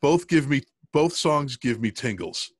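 A man's voice: medium pitch, expressive, a little slow, breathy edge. A middle-aged man co-hosting a podcast in casual chat, rambling with lots of ums and restarts. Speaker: podcast co-host.

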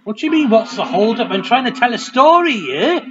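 High, lively man commentating a game. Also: brisk, few pauses, dull audio, faint music behind. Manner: chatty, rambling, joking. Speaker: let's play host. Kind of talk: casual gameplay commentary.

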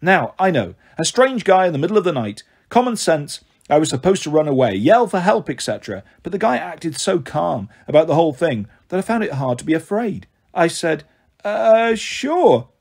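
A man reading a first-person storybook aloud. His delivery is animated and his pitch swings widely. His voice has a slightly husky grain. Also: a little fast, hardly any pauses. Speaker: audiobook reader.

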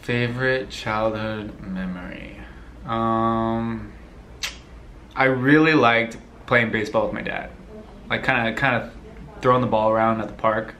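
A young man from the United States answering viewer questions in a relaxed, rambling way, laughing easily. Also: lowish voice, a little slow, a little hiss or hum. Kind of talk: casual Q&A chat.

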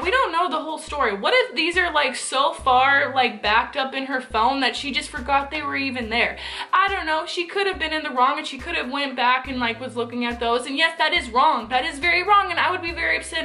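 A woman's voice: sits high, bright, forceful tone. A young woman giving her opinions in a casual commentary vlog, chatty and full of fillers. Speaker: vlogger.

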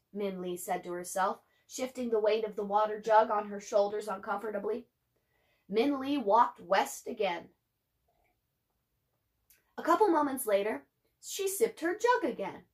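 A woman teacher reading a children's novel aloud to her class in an expressive way, adding chatty asides for her students. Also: fairly high pitch.

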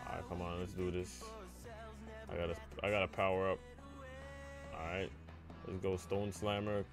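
Faint music sits behind a young man's deep voice, which moves at normal speed with long pauses. Streaming a live game, he gets excitable, addresses his chat, and cries out when plays go wrong.

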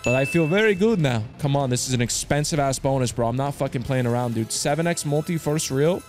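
Excitable slangy male streamer. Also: mid-range voice, fast talker, faint music behind. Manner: loud outbursts, swearing, slangy banter addressing viewers. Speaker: slots streamer host. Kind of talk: excitable live commentary to viewers.

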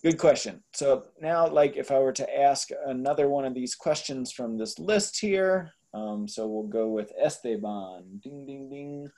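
A man's voice: mid-range voice, a little slow, few pauses, dark tone. A man tutoring a Spanish class, explaining grammar patiently in a casual way. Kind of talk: online tutoring session.

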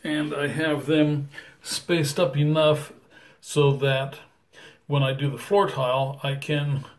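A fairly high, flat voice delivers this slow, casual walkthrough from a tile installer showing his work in a bathroom renovation. He explains things plainly, one step at a time, with plenty of "uh"s and "um"s along the way.

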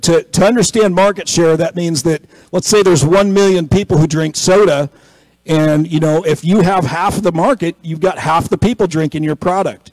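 A male pastor with a slightly raised voice tells a story the casual way, slipping into the voices of the people in it, and works up to a forceful appeal. The sound is close and dry, with no room around it. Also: on the high side, no echo, poor audio. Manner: storytelling, acting out quoted people, rising to emphatic exhortation. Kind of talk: conversational sermon.

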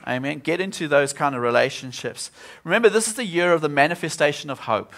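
A man's voice: on the high side, lively intonation, fast, a bit bright. A man preaching a sermon at a church service, earnest and often repeating himself as he restarts.

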